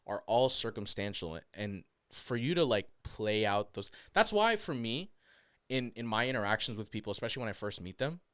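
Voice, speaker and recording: A young man co-hosting a casual podcast chat, telling animated stories and slipping into mock voices. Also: lowish voice, normal speed, clear, resonant tone, dry recording, studio quality. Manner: animated storytelling, slips into mock accents and voices. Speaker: podcast co-host.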